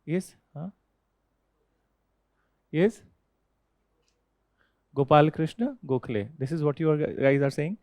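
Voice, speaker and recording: A man's voice: a little high, expressive, measured pace, pauses often, darkish tone, no echo. Indian man lecturing a history class. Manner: quizzes students, repeats key phrases, tags with "okay?". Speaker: history teacher.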